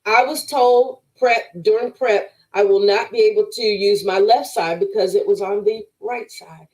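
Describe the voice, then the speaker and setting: A woman's voice: medium pitch, normal speed, a little mellow, rough recording. Emphatic woman giving a faith testimony. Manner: emphatic, preacherly, addresses listeners as "y'all". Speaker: podcast guest.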